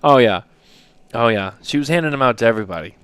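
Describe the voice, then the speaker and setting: Man, 30s, podcast co-host, casual rambling chat, smooth resonant tone. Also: medium pitch, animated, quick pace, a bit bright, no room sound. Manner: rambling storyteller, many fillers.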